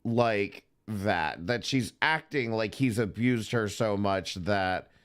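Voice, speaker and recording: Slow, smooth-voiced man moderating. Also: on the low side. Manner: measured, moderating. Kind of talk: livestream commentary.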